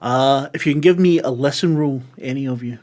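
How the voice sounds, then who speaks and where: A man's voice: mid-range voice, brisk, darkish tone. Joking man running a horror tabletop game. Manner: casual, swears, laughs easily. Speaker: game master.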